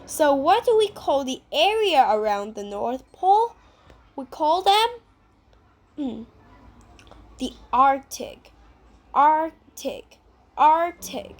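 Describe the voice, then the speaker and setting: A woman with a Vietnamese accent teaching English words to children, repeating each word and asking simple questions. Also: sits high. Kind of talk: vocabulary lesson for children.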